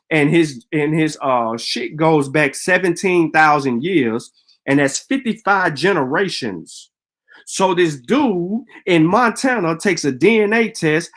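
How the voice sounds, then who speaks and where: Man, live stream rant, profane, combative, high animated voice.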